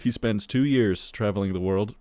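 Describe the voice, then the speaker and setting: A man's voice: on the low side, moderate pace, dark tone, no room sound. Laughing young man reading a joke. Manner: laughs through his reading, swears casually. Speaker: podcast co-host. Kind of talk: casual chat, reading jokes aloud.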